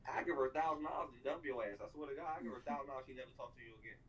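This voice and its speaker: A young man ranting on a livestream, mocking and heated, repeating "bro" over and over and climbing into near-shouted outbursts. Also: mid-range voice, racing, slight background noise. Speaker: streamer reacting to a video. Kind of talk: ranting live commentary.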